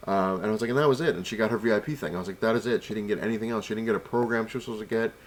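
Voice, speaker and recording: A man's voice: on the low side, fairly even intonation, rapid-fire, a little hiss or hum. A man casually telling a long story to camera, rambling and retelling conversations with lots of "I was like", sounding annoyed as he complains. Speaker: vlogger.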